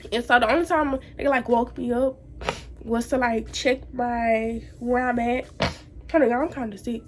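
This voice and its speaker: A woman's voice: on the high side, fairly even intonation, normal speed. A teenage woman chatting casually to viewers in a slangy storytime vlog. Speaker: vlogger.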